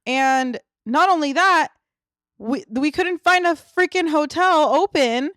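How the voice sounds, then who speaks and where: A young woman with a fairly high voice tells a rambling story in casual podcast chat, acting out what everyone said. The sound is close and dry, with no room echo. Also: slow. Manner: animated storyteller, acts out quotes, frequent fillers. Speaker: podcast co-host.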